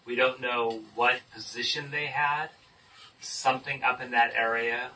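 A man leading a Bible study discussion, explaining scripture in an emphatic, animated teaching manner. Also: medium pitch, unhurried. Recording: distant mic with faint noise.

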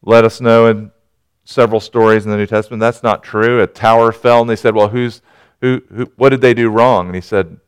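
A man preaching a sermon in an earnest manner, rising to urgent pleading and dropping to quiet reflection. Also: lowish voice, fairly even intonation, fairly quick, smooth. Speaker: pastor.

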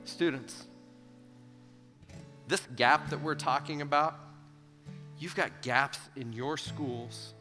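A man preaching an animated sermon to a youth gathering, slightly higher in pitch than most men. His tone is bright and forceful, and he acts out the quoted voices with emphasis. It sounds recorded in a big reverberant hall, with faint guitar playing underneath. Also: slow pace, pauses often. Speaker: youth pastor.

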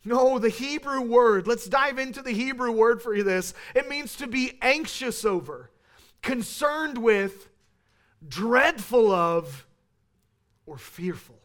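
High-voiced earnest man preaching. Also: lively intonation, slow pace. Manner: earnest, building to emphatic peaks then dropping soft. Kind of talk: sermon.

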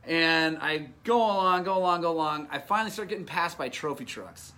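A middle-aged man casually telling a race story, animated and self-mocking, laughing often. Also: fairly high pitch, brisk. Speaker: off-road motorcycle racer telling a race story.

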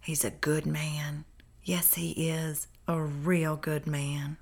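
A frail old man speaks from his hospital bed, as a woman reads him aloud. His words come out weak and slow, often barely a whisper. It is a quiet storybook voice worn thin with age. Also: low voice, little pitch movement, husky, full character voice. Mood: feeble whisper.

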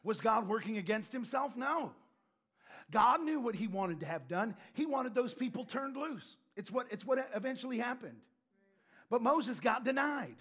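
High-voiced husky male preacher. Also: moderate pace. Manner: animated storytelling with shouted emphasis and laughs. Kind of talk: sermon.

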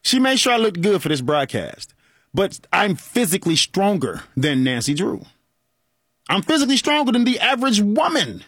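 A man's voice: high-pitched, moderate pace, breathy edge, no room sound, studio quality. A man, hosting a call-in talk show and joking and laughing as he talks. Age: 40s. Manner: animated, joking, laughs often. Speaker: radio show host.

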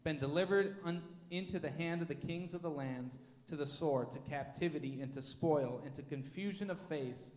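A man reading scripture aloud in a church with a steady, measured delivery. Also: a little high. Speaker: scripture reader. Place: church sanctuary. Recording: echoey church hall with long reverb.

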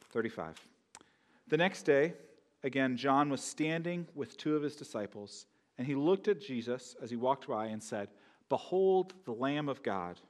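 A man preaching a sermon in a conversational way, often asking the congregation questions. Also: mid-range voice. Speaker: pastor.

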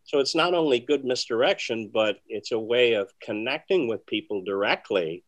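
A man who is a magician, telling stories in an interview with a rambling, conversational manner full of fillers and restarts. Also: moderate pace. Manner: often soft and low, with lively bursts. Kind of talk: casual interview storytelling.

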